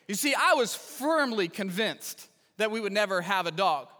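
A man's voice: sits high, lively intonation, moderate pace, bright, forceful tone. A male pastor giving a sermon with stories and self-deprecating humor, speaking in a large church hall. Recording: reverberant hall.

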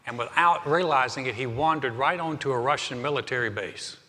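A man's voice: mid-range voice, brisk, pushed and bright. A middle-aged man preaching a sermon live in a church, telling stories in a conversational way with frequent restarts. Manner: storytelling, conversational with repeated restarts. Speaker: pastor. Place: church sanctuary. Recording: live church recording with long reverb.

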